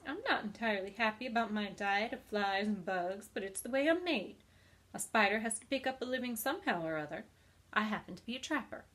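A woman reading aloud, voicing a calm, clever female spider in a thin, pleasant voice and a matter-of-fact manner. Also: mid-range voice, fairly quick, lightly acted. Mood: explaining.

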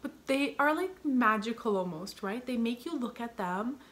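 A woman's voice: a little high, expressive, normal speed, fairly bright tone. A middle-aged woman chatting to viewers as she shows off a store haul, rambling and gushing over cute finds. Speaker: vlogger showing a store haul. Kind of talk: casual chat to viewers.

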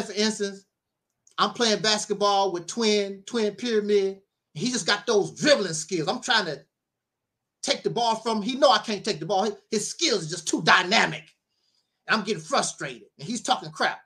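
A middle-aged man, a minister, giving a casual spoken monologue, telling stories with frequent laughter and preachy asides. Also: high-pitched. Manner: animated storyteller, laughs often, preachy asides.

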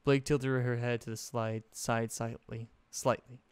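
A man's voice: mid-range voice, level tone, unhurried, clear, resonant tone, no echo. A man reading a story aloud expressively, correcting his own slips now and then. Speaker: fanfiction narrator.

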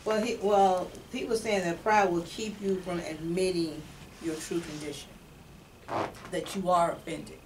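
A woman's voice: lowish voice, fairly even intonation, unhurried, darkish tone. Woman, church class teacher, probing, distant mic, noisy background. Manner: probing, asks follow-up questions. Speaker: Sunday school teacher. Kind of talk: leading a church class discussion.

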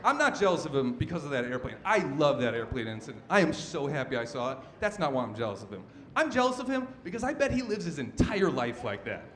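A young man performing a stand-up comedy set on a club stage, telling stories with animated shouted bits. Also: a little high, quick pace, few pauses. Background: audience laughter.

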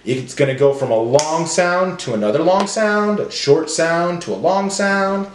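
Slow, encouraging male phonics teacher. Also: on the high side, roomy sound, a little hiss or hum. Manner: slow, stretched word-by-word drills. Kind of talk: phonics lesson for young children.

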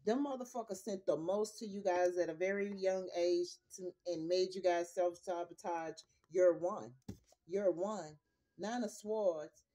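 A woman's voice: lowish voice, normal speed, few pauses, dark tone. An older woman gives a casual tarot reading to her viewers. She is blunt and profane, repeating her points for emphasis. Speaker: tarot reader.

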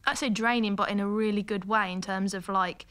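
A woman from Birmingham with a Birmingham accent, speaking as a guest on a chat show. Her voice sits at a middle pitch. She tells a story in an earnest, conversational way and recounts what people said plainly. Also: steady tone, fairly quick, a bit bright. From Birmingham, England. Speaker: guest, football pundit and former player.

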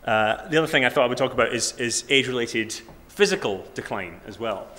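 A Scottish man in his twenties giving an academic talk, halting with many fillers and restarts and a wry, self-deprecating humour. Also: mid-range voice, expressive, a bit bright. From Scotland. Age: 20s. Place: lecture room.

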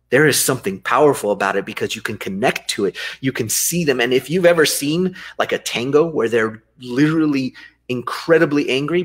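A man speaking as a guest on an interview, explaining his coaching approach. He talks in an animated, expressive way, often laughing and acting out inner dialogue. His voice sits in an ordinary middle range for a man. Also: medium pitch, breathy edge. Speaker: guest, dance and life coach. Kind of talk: conversational interview.

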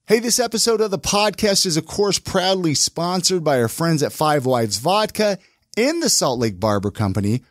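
An upbeat male podcast host with a fairly high, very animated voice. He talks in a casual, friendly way with quick restarts. The sound is dry and close. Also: no echo. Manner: upbeat, lively, quick intros with filler restarts.

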